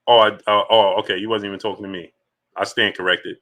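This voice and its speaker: A man's voice: lowish voice, flat delivery, quick pace, fairly bright tone. A man hosting a live boxing stream, greeting viewers in the chat by name and firing off rhetorical questions. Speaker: boxing livestream host.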